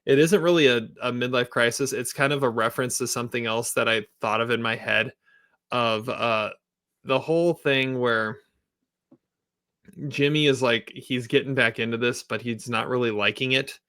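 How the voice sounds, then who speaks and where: A man's voice: medium pitch, moderate pace, a bit bright. A man co-hosting a casual TV review podcast, a teacher who rambles and laughs a lot. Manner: rambling, chatty, laughs often.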